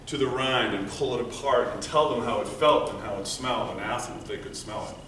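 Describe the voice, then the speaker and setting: A man giving a prepared storytelling speech at a speech contest, earnest, moving between loud emphasis and quiet, hushed passages. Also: mid-range voice, fairly quick. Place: meeting room before an audience. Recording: echoey room, mic from far off, faint noise.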